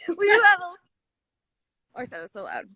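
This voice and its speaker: A woman's voice: extremely high pitch, wildly swooping pitch, measured pace, sharp tone, no echo. A woman joining a casual livestream as a guest musician, laid-back and laughing as she rambles. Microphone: phone video stream.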